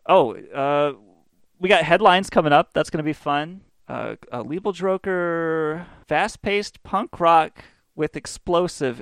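A man's voice: on the high side, a bit bright, smooth, no echo. A man hosting a radio show, telling rambling stories in a profane, sardonic way. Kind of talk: casual monologue.

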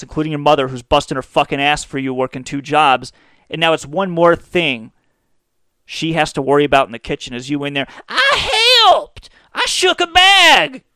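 A man's voice: fairly high pitch, a little fast, a bit bright, clean tone, no echo. A man hosting a comedy podcast, delivering a profane, mocking rant into a close mic. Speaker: podcast host. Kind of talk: ranting comedy monologue.

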